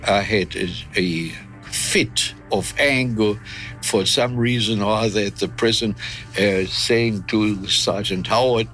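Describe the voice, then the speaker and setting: A man in his nineties from Germany, recounting wartime memories in an interview, unhurried and reflective with frequent hesitations. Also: lowish voice, fairly bright tone, soft background music. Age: 90s. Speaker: interviewee, war veteran.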